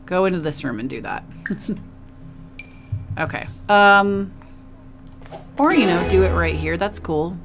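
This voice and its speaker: A woman's voice: lowish voice, animated, takes it slowly, long pauses, fairly bright tone, soft background music. A woman casually narrating a life-simulation game, chatty and emotive, cooing at her characters. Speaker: gaming video host. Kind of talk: casual let's play commentary.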